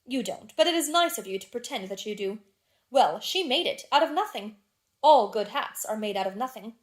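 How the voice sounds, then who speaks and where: Female narrator voicing a teasing young Victorian duchess, chatty, slightly high. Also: animated, moderate pace, natural voice. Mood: playful. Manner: chatty, playful society banter.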